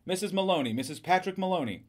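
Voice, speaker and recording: A man voicing a housewife who acts calm and natural while hiding a killing, raising his pitch for her. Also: fast. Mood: frantic.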